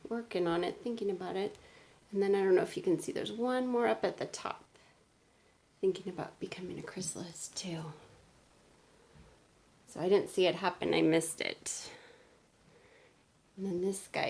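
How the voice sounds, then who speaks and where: A woman teacher speaking gently to children in a video lesson, recorded on a phone. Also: mid-range voice, creaky. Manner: slow, gentle, explaining to kids. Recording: phone video with faint noise.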